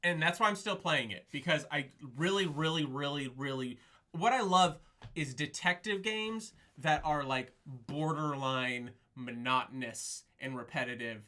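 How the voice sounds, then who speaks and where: A man's voice: fairly high pitch, measured pace, sharp tone. A man co-hosting a podcast, chatting casually and telling rambling stories, laughing often. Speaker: podcast co-host. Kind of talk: casual chat.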